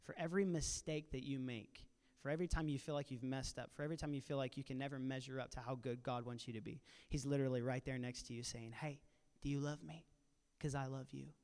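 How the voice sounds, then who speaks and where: A man retelling a scripture story in a casual, animated sermon style at a church panel. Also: on the high side, clean tone. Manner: animated, casual retelling with playful voiced asides. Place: church auditorium. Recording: long reverb of a large hall.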